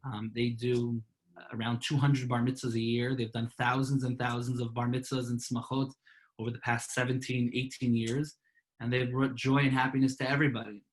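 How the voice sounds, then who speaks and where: A man being interviewed about his life, talking earnestly and warmly, often repeating and restarting words. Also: mid-range voice, poor audio. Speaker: guest, part-time professional clown. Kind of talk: earnest conversational storytelling.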